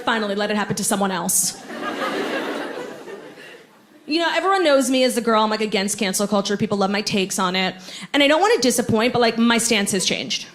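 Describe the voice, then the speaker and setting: In a live theatre recording with a little hiss or hum, a young woman's mid-range, slightly bright voice carries her stand-up routine. Her humor is brash, self-absorbed and dryly sarcastic, and the audience laughs along in the background.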